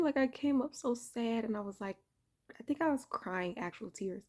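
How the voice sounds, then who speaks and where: A woman casually telling a personal spiritual story indoors, keeping her voice low and soft so she doesn't wake her sleeping son. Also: unhurried. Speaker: vlogger sharing a spiritual testimony. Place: indoor room at home.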